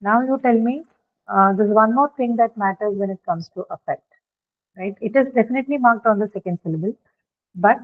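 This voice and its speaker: Casting: female teacher, patient step-by-step explainer, mid pitch, tinny phone-line audio. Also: a little fast. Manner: patient, explains step by step, keeps checking with "right?". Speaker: English pronunciation teacher. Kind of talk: online classroom lecture.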